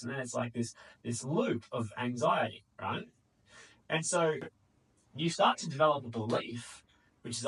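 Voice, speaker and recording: Husky-voiced man coaching on anxiety. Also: medium pitch, normal speed, fairly bright tone, far from the mic, rough recording. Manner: conversational, often tags lines with "right?" and "okay?". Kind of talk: direct-to-camera explainer.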